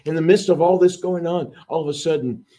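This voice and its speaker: A man's voice: a little high, fairly quick. Preacher man telling a Bible story. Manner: acts out the disciples' voices, swings between loud and hushed. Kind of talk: sermon.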